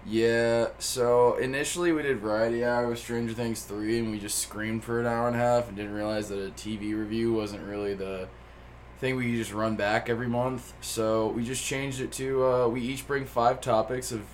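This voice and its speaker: A man co-hosting a podcast in casual chat, loud and profane, with lots of jokes. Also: mid-range voice, steady tone, normal speed, slight background noise. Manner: loud, profane, joking banter. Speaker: podcast co-host.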